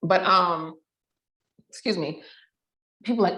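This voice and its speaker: Fast-talking woman in a roomy space. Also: fairly low pitch. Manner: animated storyteller who acts out family quotes. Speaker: podcast guest. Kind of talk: casual chat. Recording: roomy echo.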